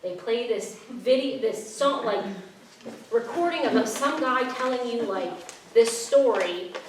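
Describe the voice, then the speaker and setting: A woman's voice: on the high side, expressive, a little slow, heavy reverb, recorded from a distance, a little hiss or hum, poor audio. A young woman telling her own story with frankness and humor, acting out the people in it. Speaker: speaker sharing her story. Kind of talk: personal storytelling talk. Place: talk venue.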